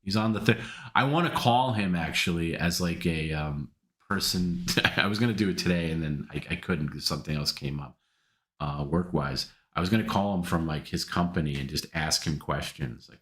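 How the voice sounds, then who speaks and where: A man's voice: low voice, a little fast, a bit bright, roomy sound. A man hosting a live stream, casually answering viewer comments in a rambling way with many restarts.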